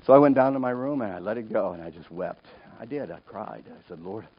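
An older man, a pastor, telling a story in a sermon, with big swings from joyful shouts to a near hush. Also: on the low side, fast. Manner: animated storyteller, shouting in joy then dropping to a hush. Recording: dull lo-fi sound with faint hiss.

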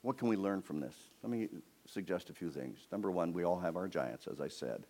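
A man preaching a sermon, retelling a story in an animated way and acting out its scenes. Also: deep voice, brisk.

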